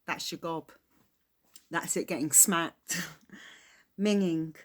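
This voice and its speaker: Low-voiced English woman explaining slang. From England. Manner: chatty, explains slang with quick laughs. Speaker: reaction video host. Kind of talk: casual reaction commentary.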